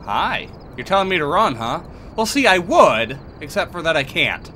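A man's voice: on the high side, big pitch swings, moderate pace, bright, forceful tone, a little hiss or hum. A man playing a horror game, giving casual commentary with sarcastic, muttered asides. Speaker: let's play gamer.

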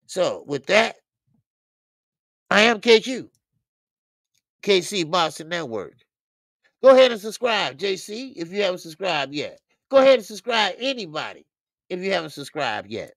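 A man's voice: high voice, very animated, normal speed, pauses often, a bit bright, no room sound. A man hosting a boxing livestream in loose, talkative chat, laughing often and repeating himself. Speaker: boxing channel host.

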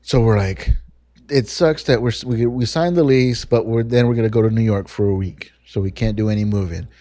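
A young man hosting a podcast, telling a story in a casual, profane, animated way and acting out the people he quotes. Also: lowish voice, fairly quick, no room sound, studio quality. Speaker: podcast host.

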